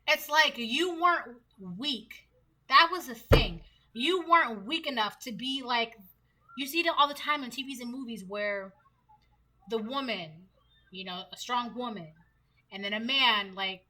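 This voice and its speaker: High, bright-voiced chatty woman. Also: measured pace. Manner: chatty, laughs often, slangy asides. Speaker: tarot reader. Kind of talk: casual tarot reading to camera.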